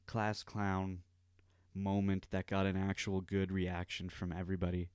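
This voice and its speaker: A man's voice: deep voice, monotone, a little slow, darkish tone, clear, resonant tone, dry recording, studio quality. A young man hosting a podcast, telling a rambling story in casual talk and swearing freely. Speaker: podcast host.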